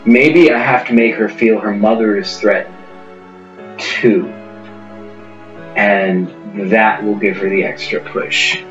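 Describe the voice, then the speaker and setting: A man's voice: lowish voice, steady tone, slow, pauses often. A man playing a tabletop game, hesitant and thinking aloud as he plans. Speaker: player. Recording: roomy echo, dull sound, faint music.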